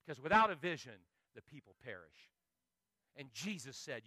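A man preaching a sermon as pastor, telling animated stories and joking with the congregation. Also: medium pitch, normal speed.

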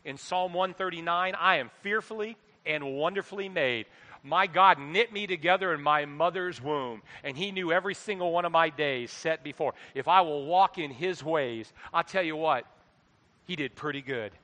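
A middle-aged man preaching a sermon into a microphone, animated, swinging between quiet asides and loud exhortation. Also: a little high, normal speed. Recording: long hall reverb.

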